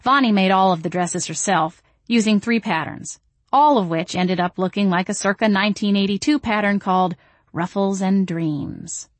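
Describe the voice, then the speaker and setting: A woman narrating a first-person audiobook in a wry, deadpan way. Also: medium pitch, normal speed, no echo.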